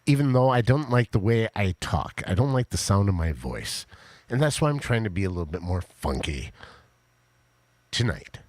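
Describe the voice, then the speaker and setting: A man hosting a casual live stream from his home fish room, rambling to his chat with fillers and restarts in a flat, monotone voice. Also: lowish voice, moderate pace, no echo.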